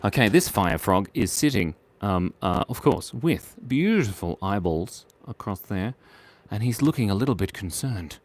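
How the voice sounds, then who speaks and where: A man with a lowish, expressive, unhurried voice hosts a live drawing stream for kids. He chats playfully and sillily as he draws, with giggles and little voices, in casual commentary.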